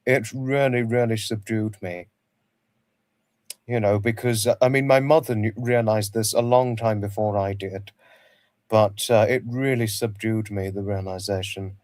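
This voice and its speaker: A man's voice: on the low side, steady tone, measured pace, darkish tone, no room sound. A man hosting a casual livestream, rambling, repeating himself and greeting viewers by name. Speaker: livestream host.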